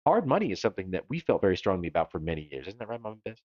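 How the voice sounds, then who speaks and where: A man's voice: deep voice, very animated, very fast, no room sound, highs cut off. A man co-hosting a live stream, chatting casually and joking as he reads viewer comments aloud. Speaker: livestream co-host.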